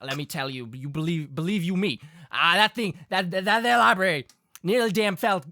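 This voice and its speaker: A man's voice: high voice, brisk, sharp tone, no echo, voice pushed up. A man voicing a burly, balding older farmer father with a Southern accent, folksy and hearty. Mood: rambling.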